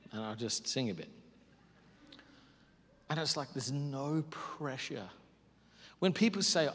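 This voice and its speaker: A man preaching a sermon as pastor, moving between loud bursts and hushed near-whispers. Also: medium pitch. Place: large church hall. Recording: hall reverb.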